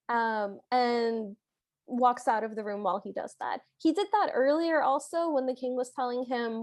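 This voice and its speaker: A woman co-hosting a casual podcast, retelling film scenes in a lively way. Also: high voice, moderate pace. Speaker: podcast co-host.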